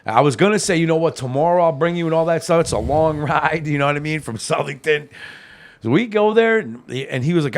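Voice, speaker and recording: A man's voice: on the high side, big pitch swings, fast. A man hosting a podcast, telling a story in casual chat, laughing often and swearing freely. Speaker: podcast host.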